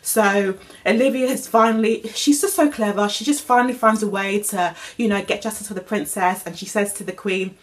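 A woman's voice: medium pitch, fairly quick, few pauses. Chatty young woman recapping. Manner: chatty and rambling, many fillers and restarts. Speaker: TV recap vlogger. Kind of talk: casual TV episode recap.

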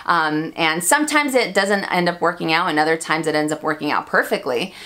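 A woman's voice: low voice, expressive, a little fast, fairly bright tone. A chatty American woman hosting a handbag Q&A vlog, laughing often and poking fun at herself. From United States. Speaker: luxury handbag YouTuber. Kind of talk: casual Q&A vlog chat.

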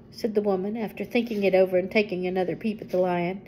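An older woman reading a children's book aloud to a listener, with gentle chatty asides. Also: medium pitch, fairly even intonation, fast, few pauses, slight background noise, low-quality recording. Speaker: storyteller.

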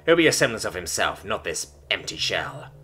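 A man voicing a gruff, grim male alien who growls his clipped lines. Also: low voice, very animated, moderate pace, a bit bright, faint music behind, heavily acted. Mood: bitter.

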